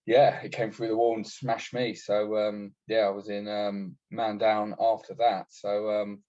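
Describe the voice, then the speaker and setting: A lower-voiced British man recounting his army days as a podcast guest, blunt and full of swearing. He slips into quoting other people as he goes. The sound is dull and lo-fi. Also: little pitch movement, unhurried, warm tone. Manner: blunt, sweary storyteller acting out quotes. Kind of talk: casual war story telling.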